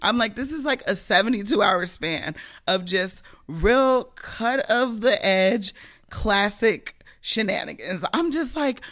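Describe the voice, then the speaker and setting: A woman co-hosting a podcast, telling stories in a casual, profane, animated way, laughing often. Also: mid-range voice, slow. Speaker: podcast co-host. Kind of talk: casual chat.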